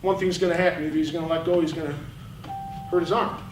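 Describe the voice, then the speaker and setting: A football coach at a clinic goes over game film, his voice on the high side and his pace quick. He speaks bluntly and with fire, animated and fired up throughout. The mic sits at a distance in a roomy space, with faint noise in the background.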